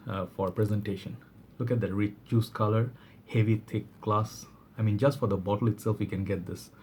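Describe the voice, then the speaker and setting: A man's voice: on the low side, a little mellow, a little hiss or hum. A man from Bangladesh reviewing a fragrance in a casual vlog, rambling with many fillers and restarts, his voice slightly worn.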